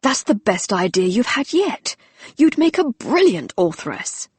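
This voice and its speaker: A woman voicing a wounded young husband in an audiobook, speaking in a lowered, gruff, wry manner. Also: very animated, a little slow, no echo, exaggerated voice. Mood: delighted.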